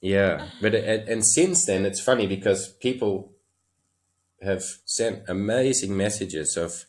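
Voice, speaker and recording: A man's voice: lowish voice, lively intonation, unhurried, a little mellow. An Australian man, a horse trainer and podcast guest, telling stories in a loose, chuckling way with lots of fillers. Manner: chuckling, loose anecdotal delivery with many fillers. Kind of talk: casual interview storytelling.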